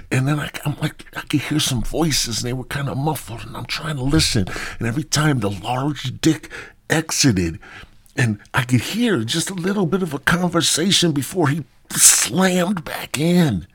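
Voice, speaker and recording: A man hosting a podcast, telling a crude comic story full of swearing, dropping into hushed whispers and rising to loud outbursts. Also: medium pitch, normal speed, breathy edge. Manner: profane, swings between loud and hushed whispers. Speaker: podcast host.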